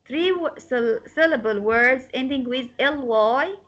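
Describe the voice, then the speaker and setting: A woman teaching an English lesson, repeating words slowly to model their pronunciation. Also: high voice, a bit bright. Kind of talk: classroom lecture. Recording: slightly dull lo-fi sound.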